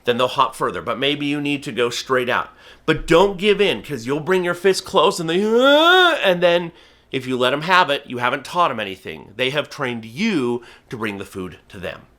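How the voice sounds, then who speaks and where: Bright, energetic man teaching falconry. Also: mid-range voice, moderate pace. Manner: energetic, emphatic, acts out bird and viewer voices. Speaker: falconry instructor. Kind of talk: instructional talk to camera.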